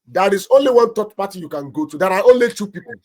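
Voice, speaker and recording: A man's voice: high-pitched, animated, quick pace, darkish tone. A man with a Nigerian accent, a pastor and marriage counselor giving emphatic marriage advice on a talk show. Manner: emphatic, preacherly, acts out little anecdotes.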